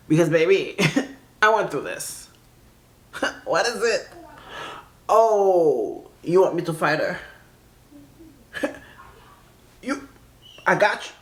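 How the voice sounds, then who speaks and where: A woman in her thirties hosting a reaction video, chatting in a sassy, animated way and laughing often as she tells her own story. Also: fairly low pitch. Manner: laughing often, sassy, calls listeners "baby".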